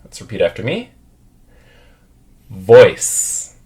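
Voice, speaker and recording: A man's voice: on the low side, sing-song, measured pace. A man teaching English pronunciation, patiently drilling words and having learners repeat after him.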